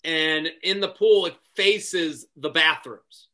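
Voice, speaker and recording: A male comedian guest telling stories in animated, casual podcast chat, full of "like". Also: fairly high pitch, slow. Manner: animated storytelling with lots of "like".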